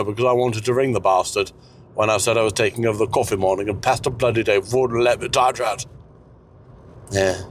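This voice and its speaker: A man's voice: mid-range voice, a little hiss or hum, close to an everyday voice. A man voicing an elderly, foul-mouthed, bossy wife who nags and mocks in a crude, sarcastic way. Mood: mocking.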